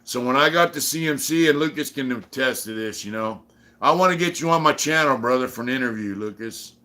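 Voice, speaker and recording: A middle-aged man from San Diego tells prison stories on a livestream. He rambles and swears freely, with lots of fillers, in an ordinary mid-pitched voice. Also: brisk, sharp tone. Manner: rambling, profane, many fillers. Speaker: channel host. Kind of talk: casual livestream storytelling.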